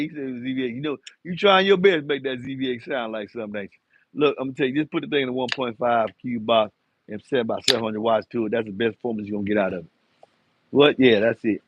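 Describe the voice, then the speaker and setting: A man hosts a live car audio Q&A in a relaxed, talkative way, teasing viewers as he reads their comments. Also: mid-range voice, husky, no echo, muffled recording. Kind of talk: casual live-stream Q&A.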